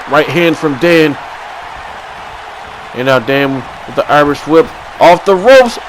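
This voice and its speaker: Excitable man calling wrestling, high lively voice. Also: takes it slowly, pauses often, poor audio. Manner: swings from low mutters to sudden shouts. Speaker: commentator. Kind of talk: excited wrestling play-by-play commentary. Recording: crowd and game noise behind.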